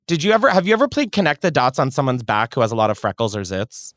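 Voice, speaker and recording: A man's voice: mid-range voice, very animated, fast talker, a bit bright, no room sound, clean studio sound. A man hosting a podcast, answering callers' voice messages in a brash, profane, dramatic way. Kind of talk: casual advice chat.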